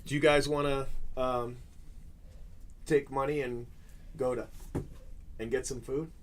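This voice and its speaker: A man's voice: mid-range voice, level tone, unhurried, slight background noise. A man hosting a card-break livestream, chatting casually in a teasing, rambling way.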